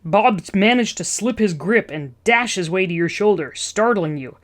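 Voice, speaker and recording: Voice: mid-range voice, animated, moderate pace. A reader narrating a fan story aloud, breaking in with chatty asides and chuckles between passages.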